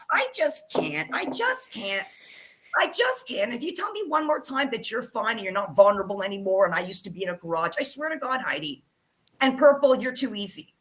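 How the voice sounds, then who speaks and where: Animated, heated woman ranting. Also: a little high. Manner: heated, profane, calls people out. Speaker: livestream host. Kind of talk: angry livestream rant.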